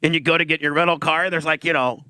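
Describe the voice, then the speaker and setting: A man's voice: fairly high pitch, steady tone, quick pace, bright, forceful tone, dry recording, clean studio sound. A man hosting a live radio show, bantering with a guest in a crude, teasing way. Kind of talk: casual live radio interview.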